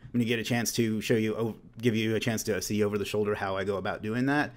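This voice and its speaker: Man in his late thirties, webinar host: brisk, lowish voice, casual and self-mocking. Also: fairly even intonation. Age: late 30s. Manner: joking, self-deprecating asides; loose and conversational, with restarts.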